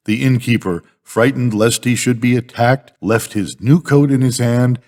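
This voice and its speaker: An older man reads fables aloud as a bedtime story, his pitch rising and falling in lively storytelling. He keeps a measured, steady delivery. A long hall reverb trails behind his voice. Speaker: grandfather reading to a grandchild.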